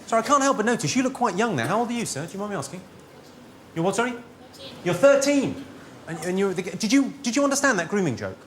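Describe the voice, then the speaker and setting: A man doing stand-up comedy on stage, firing off deadpan one-liners and teasing audience members in a large theatre. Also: high voice, quick pace. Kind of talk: stand-up comedy roast with crowd work. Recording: loud laughing crowd, live noise.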